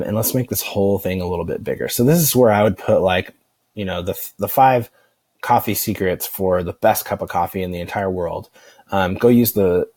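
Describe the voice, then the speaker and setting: Guy with a lowish voice doing a chill screen tutorial, lots of ums and likes, dry sound. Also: dry recording. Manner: relaxed, rambling, many fillers and restarts. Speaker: online marketing instructor. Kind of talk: casual screen-recorded software tutorial.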